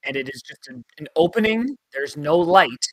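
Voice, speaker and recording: A man runs a tabletop game, describing scenes to his players. He talks in a loose, halting way full of fillers. His voice sits a little high and sounds dry and close. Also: lively intonation, fairly bright tone, no echo, poor audio. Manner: chatty, halting narration with fillers. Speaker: game master.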